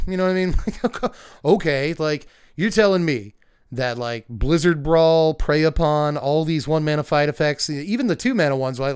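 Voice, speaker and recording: A young man hosting a casual card review, talking in a chatty, rambling way full of fillers and asides. He laughs often as he goes, and his voice sits a little on the high side. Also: clean tone. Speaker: card game video host.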